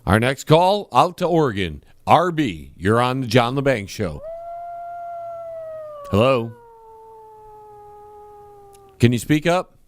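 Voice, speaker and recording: Call-in host man, comedy radio, animated pitch, breezy patter. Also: slow pace, pauses often, background noise.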